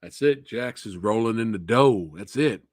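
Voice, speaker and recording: Male streamer, relaxed and chatty with viewers; low pitch that swings a lot, dry room. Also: normal speed, no echo. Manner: laid-back, answering viewers by name. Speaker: live stream host. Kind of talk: casual live Q&A chat.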